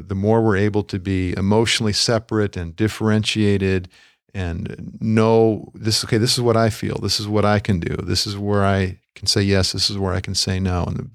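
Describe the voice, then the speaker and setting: A middle-aged man co-hosting a Christian podcast, talking in a gentle, measured, pastoral way. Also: lowish voice, fairly even intonation, no room sound, clean studio sound. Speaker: podcast co-host. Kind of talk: reflective Christian podcast conversation.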